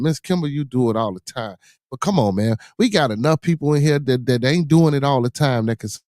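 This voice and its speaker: A man hosting a livestream podcast, animatedly begging chat for super chats and shouting out supporters. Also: mid-range voice, dry recording, studio quality. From Chicago area.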